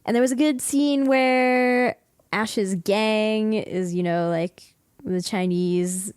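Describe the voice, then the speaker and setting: Woman podcast host, casual and giggly, mid pitch, dry close sound, acts out quotes in her chat. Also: takes it slowly, darkish tone, clear, resonant tone, dry recording. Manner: chatty, laughs often, acts out quoted lines.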